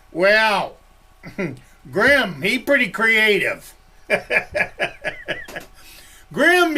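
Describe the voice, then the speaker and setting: A man's voice: sits high, pushed and bright. An older man with a Maine accent, a woodsman rambling folksy stories from his log cabin with plenty of chuckles. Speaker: woodsman vlogger. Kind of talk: rambling campfire storytelling.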